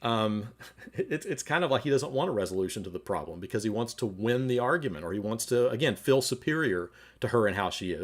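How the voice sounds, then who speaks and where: A man teaching a relationships class at church in a relaxed, conversational way, reading viewer comments and acting out short argument examples. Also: mid-range voice, a little fast. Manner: conversational, acts out quoted arguments. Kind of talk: livestreamed teaching talk.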